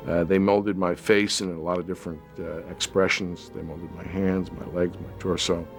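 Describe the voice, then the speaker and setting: Male actor interviewee, deep voice, reflective anecdote, light music bed. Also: level tone, moderate pace. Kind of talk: documentary interview recollection.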